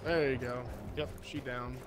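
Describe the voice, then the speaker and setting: A man's voice: mid-range voice, fairly even intonation, unhurried, heavy background noise. A man streaming a shooter game, chatting casually with a teammate and teasing him dryly. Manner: teasing, laughing, dry. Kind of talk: casual gaming commentary.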